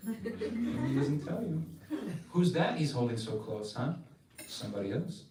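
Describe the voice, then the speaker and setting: A man's voice: medium pitch, very animated, measured pace. A man voicing a mischievous male sage who stirs up trouble with sly, teasing words, in a roomy space from a distance. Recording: roomy, distant mic, faint noise.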